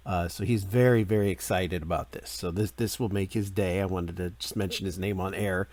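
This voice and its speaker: A man's voice: low-pitched, steady tone, brisk, a little mellow. A man hosting an interview, chatty and eager as he sets up his questions. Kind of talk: casual interview.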